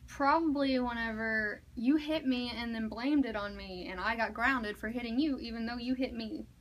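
A woman's voice: on the high side, normal speed. A young woman hosting her own vlog in a casual, playful chat, laughing often. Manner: giggly, playful. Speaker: vlogger host.

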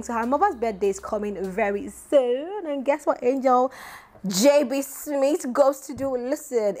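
A woman talks straight to her viewers in a casual gossip vlog. Her voice sits at an ordinary middle pitch but keeps leaping up high on emphatic, rhetorical questions. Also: darkish tone. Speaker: vlogger host. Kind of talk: casual celebrity gossip commentary.

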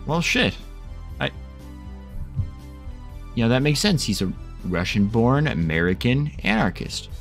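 A young man commentating his strategy game casually, excitable and swearing, with quick mood swings. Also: mid-range voice, soft background music. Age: young adult. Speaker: gaming video creator.

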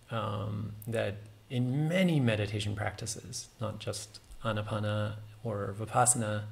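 A man's voice: lowish voice, vocal fry. A man giving a casual, musing meditation talk, full of fillers and small self-amused laughs.

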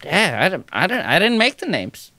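A young man co-hosts a podcast in playful, casual chat. His pitch swings widely and his voice sounds dry and close. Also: moderate pace, gravelly, no room sound. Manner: lively, playful, slips into jokey voices. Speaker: podcast co-host.

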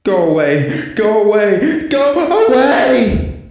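A man doing a high, tearful, terrified pup. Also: big pitch swings, slow, gravelly, a little mellow, husky, full character voice. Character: terrified young male pup, weeping.

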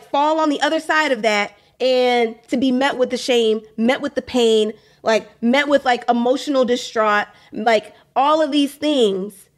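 High-voiced woman hosting a faith podcast. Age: young adult. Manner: candid, repeats phrases, laughs often. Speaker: podcast host. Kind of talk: casual faith podcast monologue.

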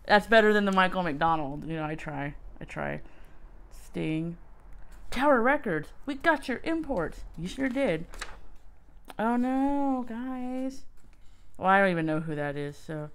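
A woman hosting a casual podcast, reading through an old music magazine and commenting wryly, with self-mocking asides and excited exclamations. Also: on the low side, unhurried, clear, resonant tone. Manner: wry, self-mocking, exclaims over finds. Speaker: podcast host.

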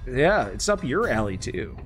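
A man casually chatting while playing a video game with friends, excitable and quick to yelp and laugh at the action. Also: mid-range voice, faint music behind. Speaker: gamer streaming with friends. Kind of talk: casual let's-play chat.

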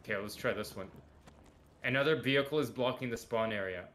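A man with a medium-pitched voice, joking around playfully as he plays a video game with a friend. Loud game noise runs clearly behind him. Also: brisk. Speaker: gamer playing with a friend. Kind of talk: casual gameplay chat.

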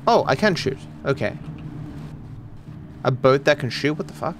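Excitable Australian man streaming a game. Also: medium pitch, noisy background. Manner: excitable, swears, quick outbursts at the game. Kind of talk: live gameplay commentary.

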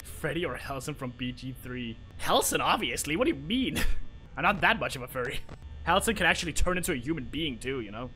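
A man's voice: a little high, very animated, fairly quick, bright, forceful tone, faint music behind. A young man streaming a horror game live, swearing freely and bantering with his chat. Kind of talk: live gameplay commentary.

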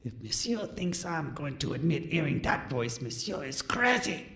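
A man's voice: on the high side, sing-song, normal speed, creaky, a bit bright, exaggerated voice. A man voicing a fawning French café waiter with a mock French accent, obsequious and theatrical. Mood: dramatic. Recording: roomy echo.

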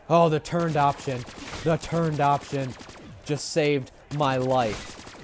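Excitable young man commentating gameplay. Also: fairly high pitch, extremely slow, slight background noise. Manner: excitable, swears, rambles and repeats phrases.

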